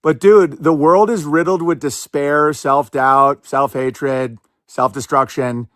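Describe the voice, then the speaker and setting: Brief: male podcast host, slightly higher voice, sarcastic rapid-fire commentary, dry close sound. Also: fairly even intonation, a bit bright, dry recording. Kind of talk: casual political commentary.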